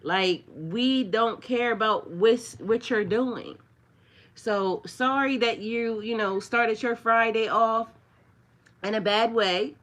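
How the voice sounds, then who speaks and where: A woman's voice: fairly high pitch, slow pace, fairly bright tone. A woman hosting a spiritual livestream, rambling in a casual, chatty way with many fillers, talking straight to her viewers and mocking the trolls. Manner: mocking and scornful toward trolls.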